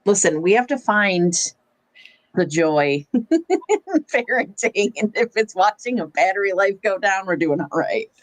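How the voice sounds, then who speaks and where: A woman's voice: medium pitch, expressive, a little slow, no room sound. Laughing woman, dry close sound. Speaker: mother. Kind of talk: casual chat.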